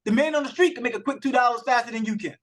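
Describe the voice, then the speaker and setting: High-voiced passionate man coaching a group. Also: very fast. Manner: passionate, emphatic, addresses the group directly. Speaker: accountability coach hosting a group call. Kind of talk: motivational coaching talk. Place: online group call. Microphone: video call.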